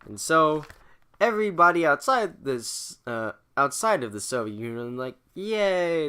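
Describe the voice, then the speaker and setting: Young man, bright, forceful tone; casual profane history recap with mock quotes. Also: a little high, very animated, normal speed, clean tone. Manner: irreverent and profane, acting out quotes in mock voices; hesitant, with fillers and restarts. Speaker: student summarizing history chapters. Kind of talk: casual spoken chapter recap.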